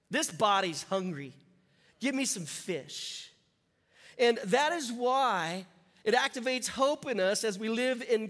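A man delivers a lively sermon in a high, bright-pitched voice. He jokes and calls out to the congregation as he teaches. His words carry a long reverb through the church hall. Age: 50s. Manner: animated, humorous, talks to the congregation. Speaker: pastor. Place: church sanctuary.

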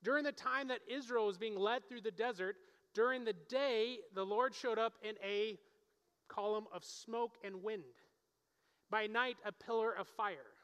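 A middle-aged man preaching a sermon in a relaxed, conversational way, often checking in with his listeners. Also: sits high, measured pace, clean tone. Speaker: pastor. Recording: long reverb of a large hall.

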